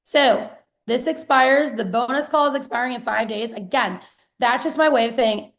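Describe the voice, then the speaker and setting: A woman in her thirties, hosting a live stream as a business coach, pitching her program and reading out viewer comments in an excited, chatty way with casual swearing. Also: a little slow, gravelly. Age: 30s.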